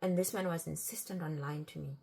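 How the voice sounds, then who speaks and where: A woman telling an animated, exasperated storytime on her vlog. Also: low-pitched, a little fast, gravelly. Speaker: vlogger.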